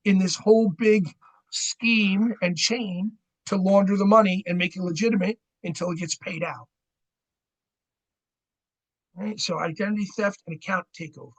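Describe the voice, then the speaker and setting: A man's voice: sits high, steady tone, moderate pace, long pauses, fairly bright tone, poor audio. A middle-aged man gives a seminar on fraud, chatting with the audience and often asking "right?". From New Jersey. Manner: conversational, keeps asking "right?". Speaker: credit union fraud educator.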